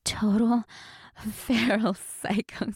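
A young woman recording explicit adult audio for listeners, giggly and drawn-out, close to the mic. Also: a little high, little pitch movement, darkish tone, husky, no echo. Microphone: close mic for headphone listeners.

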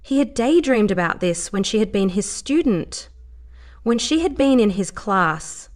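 A woman narrating a story aloud in an even, measured reading voice. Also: medium pitch.

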